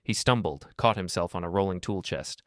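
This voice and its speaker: Older man, deep voice, dry close sound, steady dramatic story narration. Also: fairly quick, no echo. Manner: steady, dramatic first-person telling.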